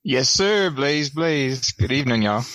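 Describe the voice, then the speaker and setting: A man joins a podcast as a guest, sounding easygoing and polite while slipping in crude jokes. His voice is mid-pitched and dry, with no room sound around it. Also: lively intonation, measured pace, a bit bright, no echo. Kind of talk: casual podcast chat.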